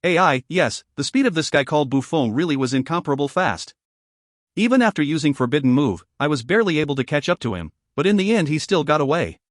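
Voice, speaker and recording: A man's voice: on the high side, very animated, fast, no echo, studio quality. A man voicing a sheepish, worn-out young male fighter in a fantasy audiobook, apologetic and stammering.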